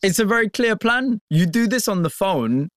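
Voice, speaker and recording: A man's voice: high voice, lively intonation, moderate pace, fairly bright tone, dry recording, clean studio sound. Curious male interviewer. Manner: curious, follows up with probing questions. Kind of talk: conversational interview.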